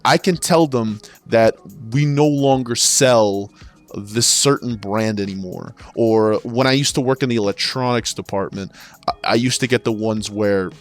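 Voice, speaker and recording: A man ranting about his years working in sales, exasperated and swearing as he rambles through stories and restarts. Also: medium pitch. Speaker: former sales associate. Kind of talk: profane ranting monologue.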